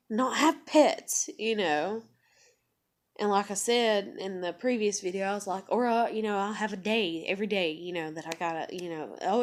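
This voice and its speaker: Candid rambling woman. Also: mid-range voice. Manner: rambling, candid, swears freely, many fillers. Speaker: vlogger. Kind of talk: confessional vlog monologue.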